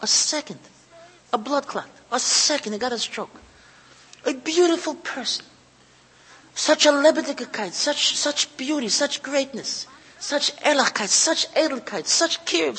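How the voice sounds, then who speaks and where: A man delivers an emotional Torah talk, circling back over his phrases and sounding close to tears. His voice is high and husky. A long reverb trails behind him, as in a hall. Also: pushed and bright. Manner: heartfelt, repetitive, moved close to tears. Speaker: lecturer running a kollel.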